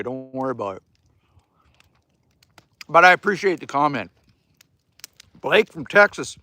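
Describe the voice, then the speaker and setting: Canadian male streamer, high bright voice, chatty and joking, reads comments between bites. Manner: joking, chatty, talks while eating. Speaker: livestream host. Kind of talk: casual livestream chat reading comments.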